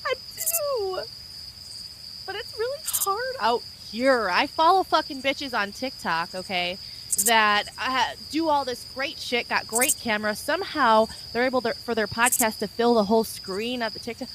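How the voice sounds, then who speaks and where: A woman's voice: fairly high pitch, moderate pace, noisy background. Brash, profane young woman podcaster. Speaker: podcast host. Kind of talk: casual solo podcast rambling. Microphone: desk mic on a video stream.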